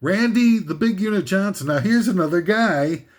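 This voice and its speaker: A man hosting a comedic countdown list rants sarcastically and rambles, full of fillers, asides, and laughs. His voice sits high and is expressive, at a moderate pace.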